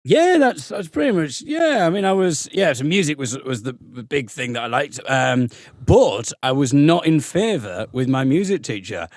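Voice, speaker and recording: Animated man with a lively voice. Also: a little high, normal speed, no room sound, studio quality. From Middlesbrough, England. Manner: animated, self-mocking, rambling asides. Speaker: comedian and folk singer, guest. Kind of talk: comic storytelling on a podcast.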